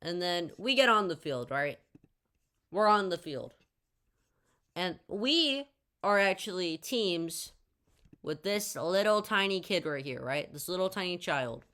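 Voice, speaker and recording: A young woman narrates a casual storytime tale with a fairly low voice for her. She rambles and drops in jokey asides and little fillers as she goes. The telling is loose and chatty. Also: animated, a little slow, long pauses, pushed and bright.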